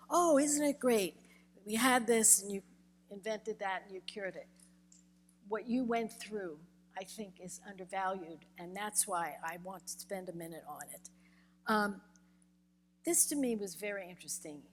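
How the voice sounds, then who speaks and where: A woman's voice: mid-range voice, normal speed. Older lady interviewer, emphatic and earnest, echoey hall. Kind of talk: onstage interview.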